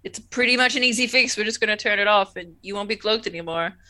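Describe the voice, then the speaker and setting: A woman co-hosting a casual rewatch podcast, with a bright and forceful voice. She laughs often, swears freely and slips into characters' lines. Her pitch sits in the middle. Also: fast. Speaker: podcast co-host.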